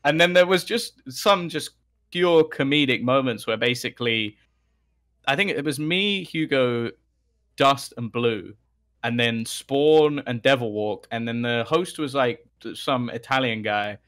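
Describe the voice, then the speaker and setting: A young man, guesting on a podcast, recounting stories in an animated, restart-filled way. His voice sits at an average pitch but sounds bright and forceful. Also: unhurried. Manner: animated anecdote telling with laughs and restarts. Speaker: esports caster, podcast guest. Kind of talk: casual podcast storytelling.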